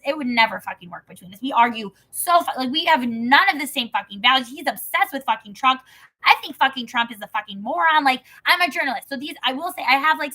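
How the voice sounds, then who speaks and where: A woman talking casually and profanely, swinging from heated rants into slower scripture reading. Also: sits high, sharp tone, poor audio. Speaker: host reading scripture with commentary. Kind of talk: casual ranting commentary and Bible reading.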